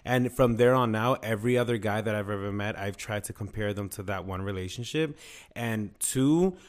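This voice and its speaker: A man's voice: fairly low pitch, normal speed. A man co-hosting a casual chat, talking candidly and emphatically, with frequent swearing.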